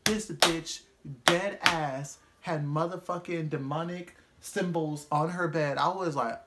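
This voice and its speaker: A young man telling a casual storytime vlog, profane and animated, laughing often as he talks. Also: a little high, moderate pace, very noisy. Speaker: vlogger.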